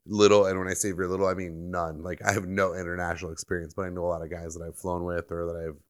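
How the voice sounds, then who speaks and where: Deep-voiced easygoing American podcast man. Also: little pitch movement, fast talker. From United States. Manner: easygoing, rambling with fillers and restarts. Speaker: podcast co-host. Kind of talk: casual podcast chat.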